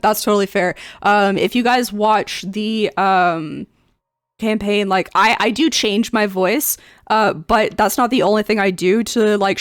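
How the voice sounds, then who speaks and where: A woman's voice: clean tone, dry recording, clean studio sound. A woman streamer and game master chatting casually and reading forum posts aloud, rambling with a mid-range voice. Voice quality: voice neither very high nor very low. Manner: rambling, many fillers and restarts.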